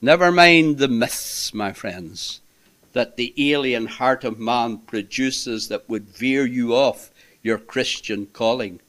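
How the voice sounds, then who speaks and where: Male preacher, slow deliberate delivery, impassioned sermon with hushed asides. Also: medium pitch. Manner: impassioned, swinging between loud emphasis and hushed asides.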